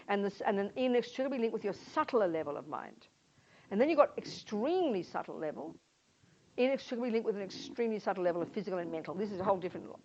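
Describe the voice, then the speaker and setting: A Buddhist nun teaching a class in an informal, emphatic way, often acting out little scenes as she explains. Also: mid-range voice. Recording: dull lo-fi sound, faint noise.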